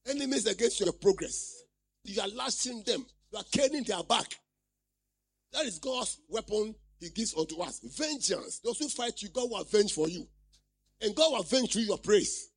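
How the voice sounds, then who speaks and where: High gravelly husky-voiced male preacher. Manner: call-and-response, repeating questions to the congregation; reads scripture aloud and explains it. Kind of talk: sermon.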